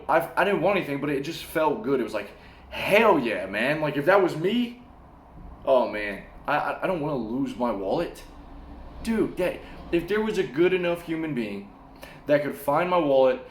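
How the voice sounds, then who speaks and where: A man vlogging advice and stories in a casual, slangy way, sweating in a warm room with the air conditioner off. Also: mid-range voice, reverberant, a little hiss or hum. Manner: animated storyteller, slangy, says "bro" and "man". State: sweating from the heat.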